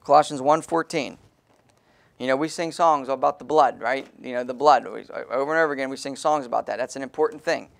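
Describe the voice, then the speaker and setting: A man's voice: medium pitch, brisk, vocal fry. A man preaching an emphatic sermon as pastor in a small church, calling on the congregation to read verses aloud.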